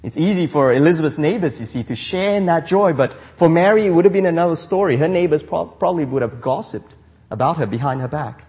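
A man's voice: on the high side, fast, darkish tone, in a large hall. A man preaching a sermon as a pastor, with frequent restarts and rhetorical questions.

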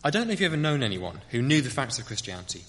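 A man's voice: mid-range voice, very animated, racing, a bit bright, in a large hall. A man preaching a sermon in a church, earnest and reflective, asking rhetorical questions.

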